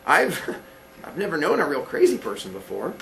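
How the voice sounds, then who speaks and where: A male teacher voicing a joking, excitable teenage boy friend, with a loose, teasing way of talking, in a classroom read-aloud. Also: fairly high pitch, moderate pace, vocal fry, a crowd in the background, heavily acted, poor audio. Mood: amused. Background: students in the room.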